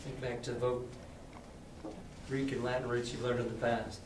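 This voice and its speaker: A man's voice: medium pitch, level tone, moderate pace, background noise. A male teacher reads a novel aloud to his class and casually explains words, quizzing students. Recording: echoey classroom, distant mic.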